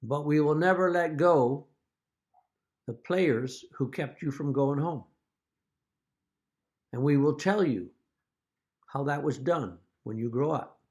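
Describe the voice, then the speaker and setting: A man speaking as a father straight to his children in a video message, earnest and deliberate, now and then telling a wry joke. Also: on the high side, darkish tone. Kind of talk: direct-to-camera video message.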